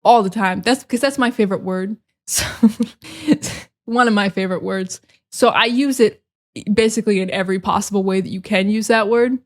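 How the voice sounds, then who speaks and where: A young American woman hosting a casual solo podcast, sarcastic and expressive, slipping into dramatic mock rants. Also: mid-range voice, brisk. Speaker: podcast host.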